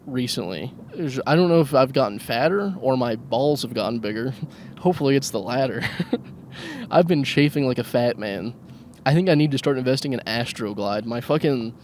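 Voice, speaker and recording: A man's voice: medium pitch, a little mellow, slight background noise. A man hosting a solo comedy podcast from his car while driving, crude and self-mocking, often laughing. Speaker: podcast host. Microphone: handheld microphone.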